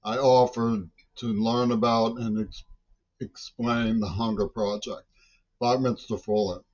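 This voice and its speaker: An older man rants in a long, agitated monologue, often cutting off his words and starting over. His voice sits in an ordinary middle pitch. The recording sounds dull and lo-fi. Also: steady tone, unhurried, a little mellow. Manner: agitated, rambling rant with frequent restarts. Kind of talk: rambling monologue.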